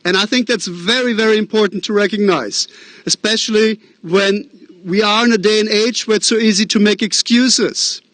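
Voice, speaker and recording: At an outdoor drive-in graduation, a school principal with a Midwestern American accent gives an earnest, encouraging welcome, dotted with fillers and self-deprecating asides. His voice is high and fairly bright, with fairly even intonation, a moderate pace, and no echo.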